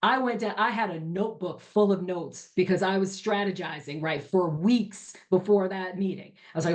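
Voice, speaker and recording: A middle-aged woman guest in an interview, telling her story in an animated, emphatic way and often checking in with "you know" and "right?". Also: on the low side, normal speed, few pauses. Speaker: entrepreneur guest.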